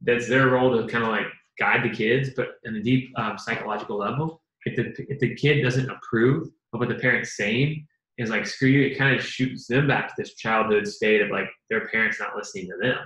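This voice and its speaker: A man's voice: medium pitch, a little fast, a bit bright. A man co-hosting a casual advice chat, talking earnestly and acting out bits of dialogue. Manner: earnest, acts out quoted dialogue. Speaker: co-host. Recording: echoey room.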